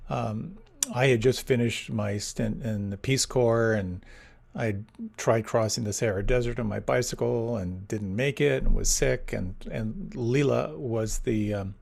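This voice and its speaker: A male host in a reflective interview, summing up his guest's story and gently prompting him to say more. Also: medium pitch, unhurried, creaky. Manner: thoughtful, sums up and prompts the guest. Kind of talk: reflective conversation.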